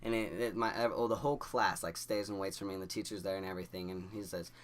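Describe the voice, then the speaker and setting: A man's voice: sits low, quick pace. Young man rambling through a story. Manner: rambling, many "like" fillers and restarts; animated, laughing through the story. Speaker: vlogger. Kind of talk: casual storytelling to camera.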